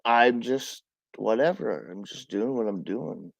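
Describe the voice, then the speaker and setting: A man's voice: medium pitch, sing-song, vocal fry, no echo. A man hosting a casual livestream chat, blunt and profane, who coughs now and then and says he has been drinking beer since the night before. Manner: talks slowly with pauses and coughs. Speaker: livestream host.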